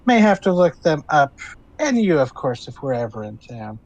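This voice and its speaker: Man putting on sly old sea hags, sweetly sinister, a bit high. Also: big pitch swings, normal speed, dry recording, highs cut off. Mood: polite.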